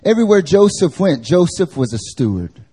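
Give me an animated male preacher in a church service, slightly high and husky. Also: normal speed. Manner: animated, conversational, acts out voices. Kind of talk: live church sermon.

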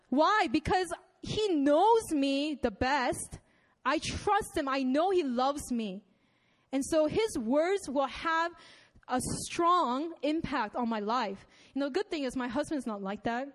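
High-voiced young woman preaching casually. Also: expressive, normal speed. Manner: conversational, many fillers and asides; reads scripture aloud. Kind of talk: sermon.

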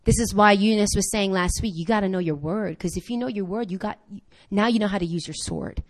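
A woman preaching a sermon to her congregation, impassioned and rising to near-shouts on key points, firing quick questions at the listeners. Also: mid-range voice.

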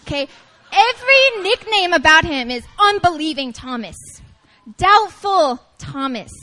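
A woman preaching at a prayer meeting, talking to the congregation in an animated, playful way and calling on them to respond. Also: extremely high pitch, a little slow, poor audio. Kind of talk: lively conversational sermon.

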